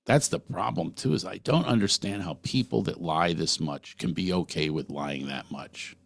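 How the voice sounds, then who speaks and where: A man's voice: sits low, normal speed, gravelly, dry recording. A middle-aged man hosting a podcast, talking earnestly through a personal monologue and putting questions straight to the listener. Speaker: podcast host.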